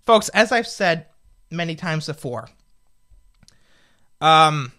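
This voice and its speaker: A man's voice: a little high, animated, slow pace, sharp tone. A man in his twenties, a political commentator, delivering a fired-up, indignant opinion rant full of rhetorical questions. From United States. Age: 20s.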